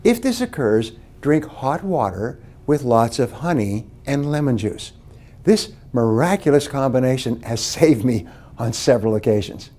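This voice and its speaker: A man's voice: mid-range voice, sing-song, a little slow, dark tone. A man giving a motivational speech on speaking skills, stressing key words emphatically.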